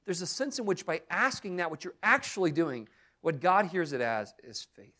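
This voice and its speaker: Earnest preacher with a high voice. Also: male voice, normal speed. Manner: earnest and expressive, acting out quoted dialogue with strong emphasis. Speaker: pastor. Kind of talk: sermon.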